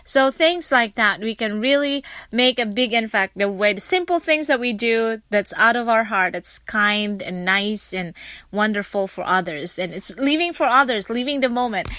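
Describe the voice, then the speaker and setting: A woman's voice: fairly high pitch, moderate pace, pushed and bright, dry recording. A woman hosting her podcast, chatting in a rambling, storytelling way and often breaking off to restart her sentences. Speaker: podcast host and teacher. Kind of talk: casual podcast monologue.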